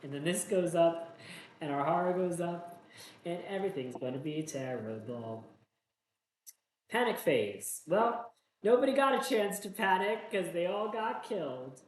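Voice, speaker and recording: Lively man playing a board game. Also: high-pitched, unhurried. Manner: self-mocking, groans about bad dice rolls. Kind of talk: casual tabletop playthrough, reading card stories aloud. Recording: roomy echo.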